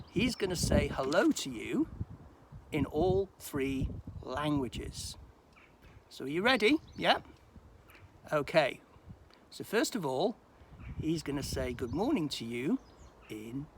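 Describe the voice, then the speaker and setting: Lively man giving a children's talk. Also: a little high, slight background noise. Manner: gentle and animated, talking to children. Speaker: church minister. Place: at home.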